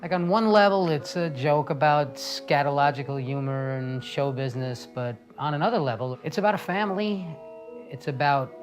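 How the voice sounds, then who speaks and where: A man with a slightly high voice reflects on a joke in an interview. Faint guitar music plays behind him. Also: moderate pace. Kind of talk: interview commentary.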